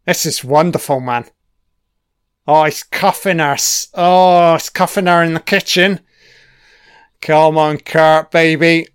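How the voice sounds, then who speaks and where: A man's voice: a little high, fairly even intonation, slow, pauses often, clean tone, no echo, clean studio sound. A man giving a casual, profane commentary on a film, swearing constantly and cheering at the screen.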